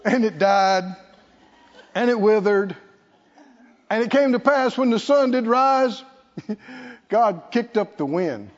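A man preaching a sermon, lively and playful, acting out scripture scenes with laughter. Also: sits high, slow pace, long pauses. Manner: animated, acts out Bible figures with laughter. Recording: lo-fi recording in a reverberant hall.

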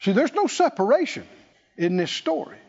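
A man's voice: very high-pitched, big pitch swings, moderate pace, creaky, a little mellow, husky. A man preaching a sermon as pastor, with emphatic delivery that repeats key phrases for his congregation. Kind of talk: sermon with call-and-response. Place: church sanctuary. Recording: dull lo-fi recording with long hall reverb.

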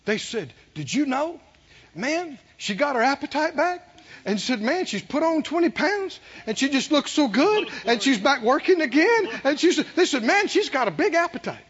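A man preaching a sermon, fervent and rising to emphatic shouts. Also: extremely high pitch, big pitch swings, normal speed, slight background noise. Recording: dull lo-fi sermon recording.

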